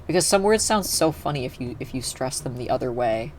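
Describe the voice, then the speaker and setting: A young man with a medium-pitched, lively voice talks fairly quickly during his video game stream, with slight noise in the background. His chat is loose and rambling, full of fillers, and he often cuts himself off.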